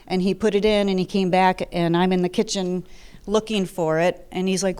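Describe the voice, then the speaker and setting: A woman's voice: fairly low pitch, steady tone, brisk, a little mellow, clean tone. A woman in her fifties from the Detroit area, telling her personal story at a seminar in a chatty, humorous way. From Detroit area, USA. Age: 50s.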